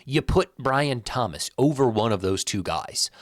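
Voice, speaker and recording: Man doing blunt casual sports commentary, animated delivery, dry close sound. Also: mid-range voice, unhurried, no room sound. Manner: blunt, animated, restarts and repeats words when worked up. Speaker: sports video host.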